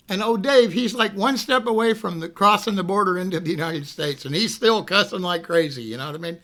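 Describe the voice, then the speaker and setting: A middle-aged man rambling through a casual anecdote, often adding "you know what I mean" and loudly acting out what people said. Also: sits high, vocal fry. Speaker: storyteller.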